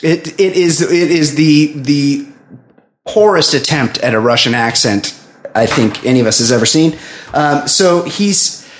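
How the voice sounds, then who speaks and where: A man's voice: on the high side, a little slow. A man hosting a podcast, reviewing a movie in casual, joking banter and swearing freely. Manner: animated, joking, acts out quotes, swears. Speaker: podcast host. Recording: echoey room.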